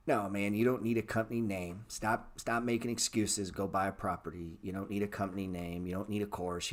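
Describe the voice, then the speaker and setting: A middle-aged man with a somewhat low voice hosts a casual trading livestream. He talks bluntly and swears freely, lecturing the viewers who write in. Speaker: trading show host answering viewer chat.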